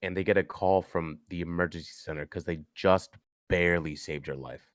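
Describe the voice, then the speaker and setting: A young man on a podcast, telling a personal story earnestly, haltingly, with frequent restarts. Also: low-pitched, fairly even intonation, no room sound, studio quality. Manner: earnest, halting, with many restarts and "you know". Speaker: podcast guest.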